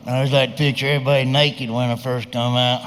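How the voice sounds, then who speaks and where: A man's voice: mid-range voice, little pitch movement, fast, fairly bright tone, a little hiss or hum, close to an everyday voice. A man voicing a crude, drawling hillbilly tow truck as a talk-show guest.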